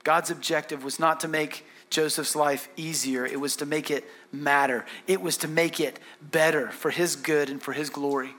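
Male pastor, high bright voice, earnest animated preaching. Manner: earnest and animated, repeats words for emphasis. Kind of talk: sermon.

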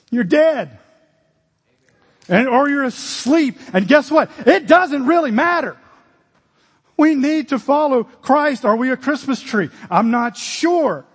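A man's voice: very high voice, breathy edge, long reverb tail. A man preaching a sermon as pastor, earnest and direct, with sudden emphatic exclamations.

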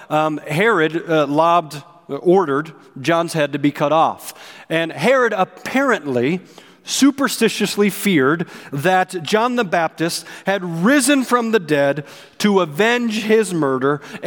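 A man's voice: high voice, fairly bright tone, long reverb tail. A man preaching a sermon in an earnest, emphatic way, with frequent fillers and restarts. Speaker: pastor.

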